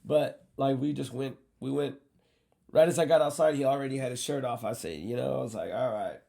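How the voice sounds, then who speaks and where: A man casually telling a story, animated and profane, acting out what people said. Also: medium pitch, brisk, creaky. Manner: animated, profane, acts out quotes.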